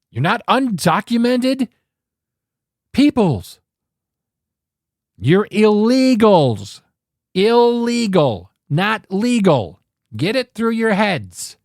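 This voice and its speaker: A man's voice: sits high, no echo, clean studio sound. A man hosting a political talk show, ranting with angry, sarcastic emphasis and frequent swearing.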